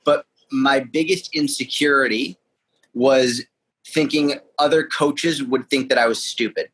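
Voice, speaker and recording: A young man, a fitness coach answering podcast questions in a candid, animated way. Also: medium pitch, unhurried, husky, poor audio. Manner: candid, animated storytelling with asides. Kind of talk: casual interview answers.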